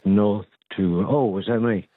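Male phone-in caller, lowish voice, hesitant and rambling, thin telephone sound. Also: unhurried, no room sound. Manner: rambling, hesitant, full of asides. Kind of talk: phone-in quiz answer. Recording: tinny telephone line.

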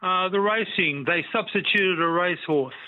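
Man, radio caller, polite and measured, high voice, tinny phone line. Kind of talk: phone-in chat.

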